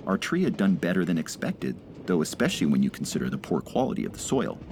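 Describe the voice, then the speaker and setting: A man voicing a cheerful, gentle Japanese man in his seventies who chats with delight. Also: sits low, sing-song, quick pace, creaky, a little hiss or hum, exaggerated voice. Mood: cheerful chatting.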